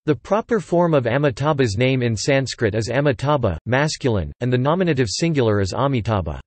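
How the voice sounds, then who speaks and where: Synthetic male reader, even machine delivery, mid pitch, dead-dry sound. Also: fairly quick, dry recording. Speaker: text-to-speech reader. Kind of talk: synthetic encyclopedia reading.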